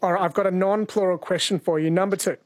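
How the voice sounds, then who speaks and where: A man hosting a call-in quiz on radio, playful and quick to laugh, but slow and careful when reading questions. His voice is fairly high. It sounds dry and close on a studio mic. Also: fairly even intonation, darkish tone, dry recording. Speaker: radio host. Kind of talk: casual radio quiz chat.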